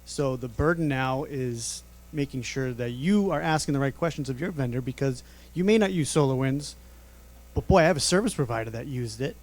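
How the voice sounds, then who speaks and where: A man's voice: mid-range voice, a little fast. A man on a conference panel, speaking candidly in a conversational way. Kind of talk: panel discussion. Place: conference stage.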